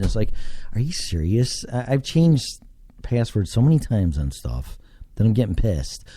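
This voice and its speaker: A man's voice: on the low side, very animated, normal speed, mellow, dry recording. A man from Texas, hosting a casual solo podcast from his basement and rambling as he thinks aloud, with casual swearing. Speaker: podcast host. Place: home basement.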